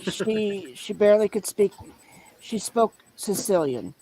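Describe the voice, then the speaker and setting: A woman's voice: medium pitch, lively intonation, slow, dark tone, rough recording. An older woman telling a story from her childhood in a casual group chat, blunt and salty.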